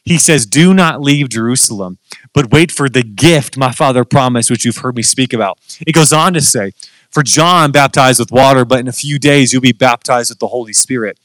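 A man preaching a sermon in church, telling stories in a casual, conversational, animated way. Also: mid-range voice, moderate pace, dry recording, low-quality recording.

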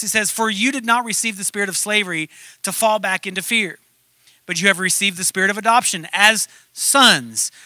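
High, sharp-voiced male preacher. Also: dry recording. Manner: conversational preaching, rising to emphatic. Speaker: pastor. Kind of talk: sermon.

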